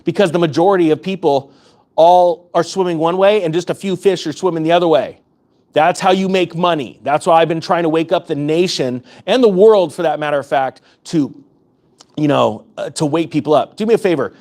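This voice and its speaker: A man's voice: on the high side, a little fast, a little mellow. A man giving urgent, fired-up finance commentary to camera as a YouTube host, repeating points for emphasis. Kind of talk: impassioned direct-to-camera commentary.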